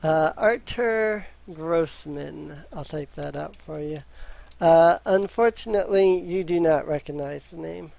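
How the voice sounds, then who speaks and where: A man running a tabletop game as game master, speaking slowly with hesitant fillers. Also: a little high, gravelly, darkish tone, no room sound.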